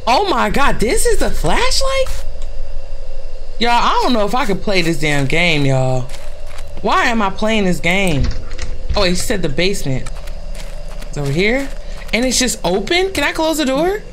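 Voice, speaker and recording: Excitable, swearing woman gamer. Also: medium pitch, moderate pace, slight background noise. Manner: excitable, swears a lot, talks to viewers as "y'all". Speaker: gaming channel host. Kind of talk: casual horror game commentary.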